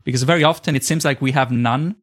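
A man with an Italian accent hosting a podcast interview, talking in an energetic, friendly way. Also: mid-range voice, fast. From Italy. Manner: energetic, scripted intro then chatty. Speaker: podcast host. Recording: loud music behind intro. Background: loud music.

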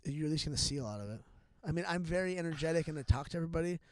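A man's voice: a little high, lively intonation, racing. Rambling, profane middle-aged man. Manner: rambling, profane, full of restarts and fillers. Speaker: podcast guest. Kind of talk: candid casual chat.

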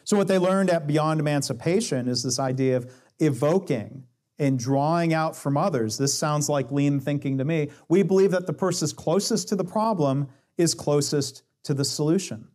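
Guy teaching in a chatty way, voice a bit on the high side, acts out little quotes. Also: moderate pace, a little mellow. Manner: explains with acted-out dialogue quotes, shifting pace. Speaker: speaker on coaching and lean management. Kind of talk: conversational talk with quoted examples.

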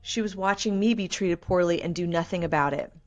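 A woman guest on a podcast, telling a personal story in an earnest, measured and reflective way. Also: fairly low pitch, dull audio, faint music behind.

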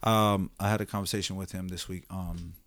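A man hosting a casual podcast, telling profane, animated stories and doing the voices of people in them. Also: deep voice, a little fast. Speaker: podcast host. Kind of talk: casual storytelling chat.

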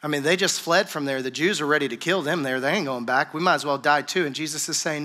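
A man's voice: fairly high pitch, quick pace, hardly any pauses, pushed and bright. A man preaching a sermon in a casual, conversational way, acting out the dialogue of a scripture story. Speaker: pastor. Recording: music playing behind.

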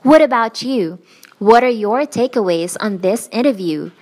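A woman narrating a scripted show outro in a calm, measured way. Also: fairly high pitch.

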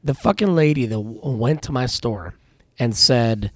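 A man swaps profane work stories on a casual podcast, ranting with plenty of swearing. His voice sits in a middle pitch. The sound is dry and close. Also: lively intonation, a little slow, fairly bright tone, no room sound. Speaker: podcast co-host; tire shop worker.

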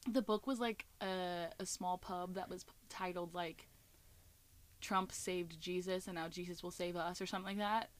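A woman co-hosting a podcast, telling a story from her old job in a casual, animated way, with lots of "like" and laughter. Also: lowish voice, moderate pace. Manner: animated, laughing, swearing, filler-heavy. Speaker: podcast co-host.

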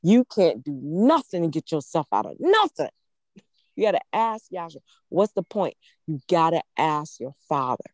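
Woman preaching a sermon, fervent, lowish voice, dry close sound. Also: very animated, normal speed, no room sound. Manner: fervent, emphatic, with emotional laughs.

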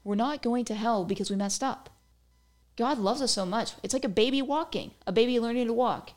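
A woman's voice: fairly high pitch, fairly quick, a little mellow. A young woman hosting her own podcast, talking casually and playfully, joking about herself. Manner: chatty, playful, self-mocking jokes. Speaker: podcast host. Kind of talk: casual solo podcast talk.

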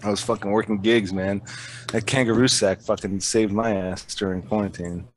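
Profane, animated man in casual chat. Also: fairly low pitch, normal speed. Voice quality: animated storyteller, swears constantly. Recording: faint background noise.

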